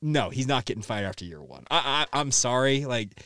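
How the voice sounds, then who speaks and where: A man's voice: medium pitch, sing-song, moderate pace, fairly bright tone, no echo. A man hosting a sports talk podcast, delivering an emphatic, opinionated monologue into a close microphone. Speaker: podcast host.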